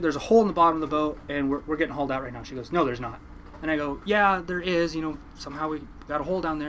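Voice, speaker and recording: A man telling a casual story about captaining a fishing boat, animated and swearing casually. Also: fairly high pitch, a little hiss or hum, poor audio. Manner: animated, mimics people in quotes, swears casually.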